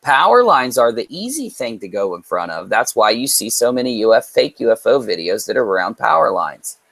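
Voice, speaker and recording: A man's voice: medium pitch, fairly quick, vocal fry, slightly rough, dry recording. A man co-hosting a live stream, chatting casually in a playful, joking way. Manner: joking, playful, animated storytelling. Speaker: co-host.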